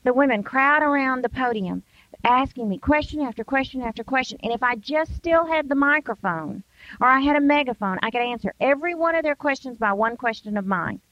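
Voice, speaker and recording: A woman's voice: sits high, expressive, fairly quick, no room sound. Older woman giving an emphatic devotional talk. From United States. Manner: emphatic, acts out excuses in quoted voices. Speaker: Christian women's speaker. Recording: dull, dry sound.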